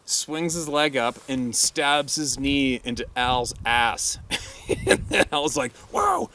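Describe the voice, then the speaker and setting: A man's voice: medium pitch, slow. A middle-aged man, a hunting guide, telling a crude story casually and laughing often. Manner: laughs often, crude and animated when quoting.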